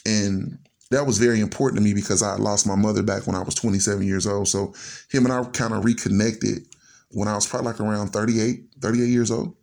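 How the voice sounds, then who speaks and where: A man in his forties recounts his past as a podcast guest, in a low voice with a gravelly, fry-laden edge. He speaks earnestly and reflectively, stringing his thoughts together as personal storytelling. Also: steady tone, fairly quick, darkish tone.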